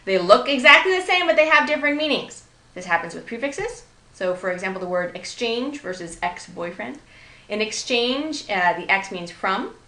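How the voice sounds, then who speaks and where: A woman explains grammar in a bright, clear voice, pausing often to check that her listeners are following. She is recorded in a noticeably echoey room. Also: medium pitch. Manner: explanatory, checks in with "right?" and "okay?". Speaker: grammar teacher.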